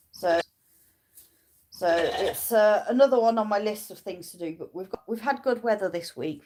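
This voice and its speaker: A woman's voice: on the low side, slight background noise. A woman chatting casually to viewers of her livestream from a farm, rambling with restarts, filmed on a phone on a tripod. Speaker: smallholder livestreaming her animals. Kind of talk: casual live chat with viewers.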